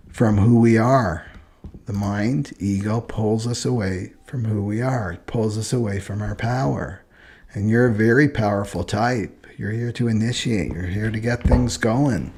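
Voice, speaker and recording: A man with a fairly low, husky and slightly mellow voice rambles casually through a lesson on personality types. He teaches astrology and human design, speaks earnestly, and frequently checks in with listeners by saying "right?"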